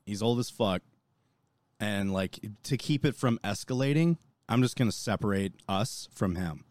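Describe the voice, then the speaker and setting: A young man on a podcast, telling an animated story and quoting people as he goes. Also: on the low side, normal speed, no echo. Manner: animated storytelling, lots of swearing and quoting others. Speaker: podcast co-host. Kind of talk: casual chat.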